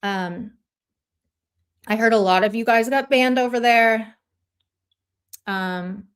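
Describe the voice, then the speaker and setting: A woman's voice: mid-range voice, fairly even intonation, slow, long pauses, fairly bright tone, clear, resonant tone. A woman hosting a livestream, ranting in casual chat in a blunt, profane and combative way. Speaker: livestream host.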